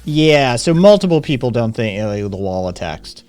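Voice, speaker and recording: A man's voice: mid-range voice, sing-song, moderate pace, a little mellow, smooth, dry recording, soft background music. A man hosting a live stream in casual chat, loose and profane, often laughing. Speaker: streamer host.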